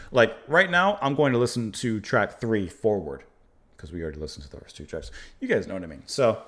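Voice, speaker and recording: A man's voice: mid-range voice, fairly bright tone. A man hosting a music reaction channel, chatting casually and rambling, often laughing at himself. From United States. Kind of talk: casual chat.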